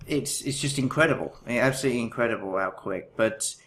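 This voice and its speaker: A man's voice: medium pitch, fast talker, fairly bright tone, slight background noise. A man co-hosting a podcast, chatting casually and rambling, correcting himself as he goes. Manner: rambling, self-correcting, laughs while telling. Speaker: podcast co-host. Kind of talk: casual chat.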